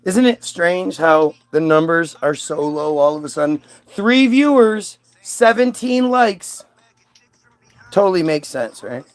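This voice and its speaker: A man's voice: on the high side, animated, takes it slowly, clear, resonant tone, no echo. A man telling a crude, rambling comedic story, switching between silly character voices. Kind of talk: profane comedic monologue acting out characters.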